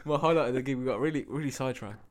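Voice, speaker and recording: Laid-back rambling bandmate. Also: male voice, medium pitch, rapid-fire, crowd noise. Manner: relaxed, rambling, filler-heavy. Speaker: band member. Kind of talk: casual chat.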